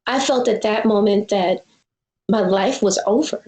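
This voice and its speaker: A woman's voice: mid-range voice, a little slow, a little mellow, echoey room, poor audio. A woman in her forties, a filmmaker being interviewed, telling a personal story in an earnest, reflective way. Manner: earnest, reflective, acts out quoted dialogue. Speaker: guest filmmaker.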